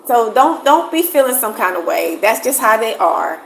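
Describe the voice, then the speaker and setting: A woman's voice: on the high side, very animated, normal speed, vocal fry, few pauses, reverberant, slight background noise, low-quality recording. A woman from the United States chatting casually on a livestream, emphatic and repeating phrases for stress, answering viewers. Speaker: vlogger answering live chat.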